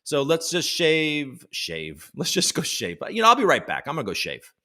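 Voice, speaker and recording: A man's voice: fairly high pitch, huge pitch swings, moderate pace, pushed and bright. A man hosting a casual live stream, joking around and greeting viewers in the chat by name. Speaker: livestream show host.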